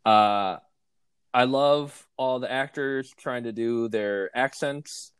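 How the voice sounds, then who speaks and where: A man co-hosting a casual movie podcast, relaxed and saying "like" constantly. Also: mid-range voice, slow, smooth, no room sound. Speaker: podcast co-host.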